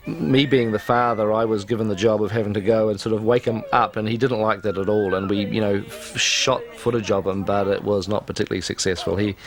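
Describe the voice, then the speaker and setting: A film director recalls the shoot in a wry, self-deprecating way. His voice sits fairly low, relaxed and conversational. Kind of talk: making-of interview recollection.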